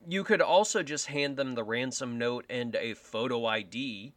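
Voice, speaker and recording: A man's voice: medium pitch, moderate pace, no room sound. A young man co-hosting a casual podcast, joking and swearing freely, speaking into a podcast microphone. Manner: profane, joking, animated. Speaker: podcast co-host.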